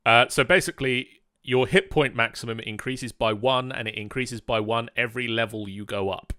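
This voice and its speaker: A man's voice: mid-range voice, moderate pace, no echo, studio quality. A man acting as game master, patiently reading out rules while a player builds a character over a voice call. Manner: steady, patient rule-reading with fillers. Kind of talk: explaining rules during character creation.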